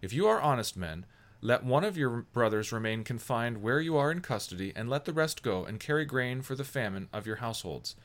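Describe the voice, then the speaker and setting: A man's voice: mid-range voice, lively intonation, a little fast, fairly bright tone, lightly acted. A man voicing Joseph, a stern adult governor, speaking solemnly and accusingly in a scripture reading.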